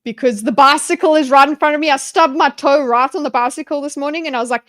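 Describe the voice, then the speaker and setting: A fairly high-pitched woman talks to herself as she diagrams on a live stream. Her speech is rambling and full of restarts, and she answers her viewers in a chatty way. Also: fairly bright tone. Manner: rambling, self-interrupting, chatty with viewers, quick laughs. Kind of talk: thinking aloud while mind-mapping on a live stream.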